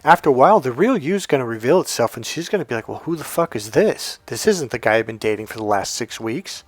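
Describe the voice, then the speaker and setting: A man's voice: mid-range voice, animated, fast, no echo. Blunt, profane male dating coach. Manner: blunt, profane storytelling with acted quotes. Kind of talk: casual coaching monologue.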